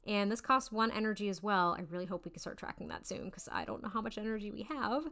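A woman's voice: mid-range voice, quick pace, fairly bright tone. A bubbly young woman giving let's-play commentary with frequent giggles. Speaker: gaming YouTuber.

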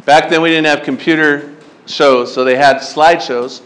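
High-pitched male pastor, animated storyteller, preaching to teens. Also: normal speed. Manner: animated storytelling, acts out his younger self; asks the crowd questions. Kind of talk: sermon to teen campers.

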